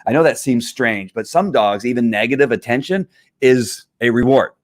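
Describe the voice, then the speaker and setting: A man who trains dogs, answering viewer questions in a rambling, animated way. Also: medium pitch, normal speed, no room sound, studio quality. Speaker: dog trainer. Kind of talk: casual Q&A talk.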